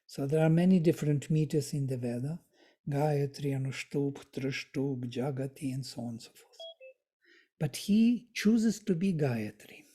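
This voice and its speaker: A study group teacher reading verses aloud and explaining them word by word, with soft, thoughtful asides and small self-corrections. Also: medium pitch, expressive, moderate pace, husky. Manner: recites verses, then glosses them word by word. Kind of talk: slow explanatory reading and commentary on scripture.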